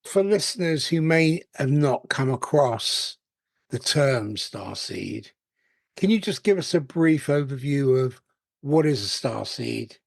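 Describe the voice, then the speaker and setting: A man's voice: medium pitch, expressive, slow, gravelly, no echo, clean studio sound. A man hosting a podcast interview, sympathetic and conversational. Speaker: podcast host. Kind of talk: casual interview chat.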